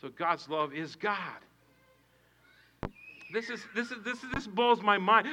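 A male pastor preaching a sermon with passion, swinging from hushed to shouting and repeating his phrases. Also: high-pitched, expressive, measured pace, pauses often, low-quality recording.

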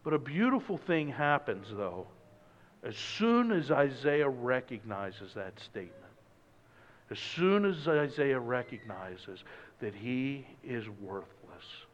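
A man preaching a sermon, moving from loud emphatic lines to hushed, low passages. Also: sing-song, slow, in a large hall, dull audio. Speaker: pastor.

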